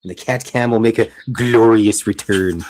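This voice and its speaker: Lower-voiced man, rambling casual stream chat. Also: fairly even intonation, normal speed, darkish tone. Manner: rambling, self-interrupting, chatty. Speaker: streamer host. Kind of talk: casual livestream chat while drawing. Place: home art studio.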